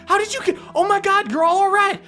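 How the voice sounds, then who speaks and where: A man's voice: very high voice, fairly even intonation, brisk, pushed and bright, faint music behind, voice pushed up. A man voicing a doting elf mother in a tabletop game, breathless and fussing. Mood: relieved. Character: doting middle-aged elf mother, a woman.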